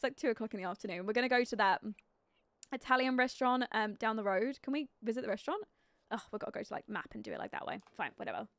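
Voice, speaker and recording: A young woman with a high, bright voice runs a relaxed live game stream, thinking out loud and breaking into giggles. She greets her chat by name between comments on the game. The sound is close and dry, with no room around it. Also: no room sound. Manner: chatty and giggly, thinking aloud with many fillers, greeting chat viewers. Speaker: live streamer playing a life-sim game. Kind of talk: casual gameplay commentary.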